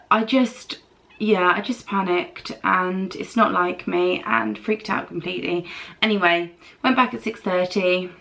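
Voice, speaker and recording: Young British woman, chatty makeup vlog storyteller, slightly gravelly mid-range voice, rambling and animated. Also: mid-range voice. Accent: British English. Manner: rambling, animated, acts out other people's lines. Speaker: beauty vlogger. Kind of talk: chatty get-ready-with-me storytelling.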